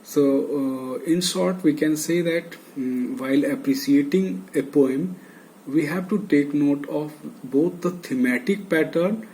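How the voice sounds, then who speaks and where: A man's voice: a little high, takes it slowly, dark tone, a little hiss or hum, low-quality recording. A man with an Indian English accent giving a university lecture, hesitant, with many filler sounds, listing terms one by one. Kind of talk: slow recorded lecture.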